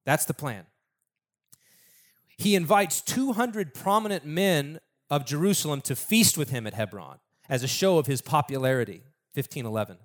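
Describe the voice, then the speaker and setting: A man's voice: on the high side, lively intonation, normal speed. A man preaching a sermon in a casual, conversational storytelling way, acting out the people in the story.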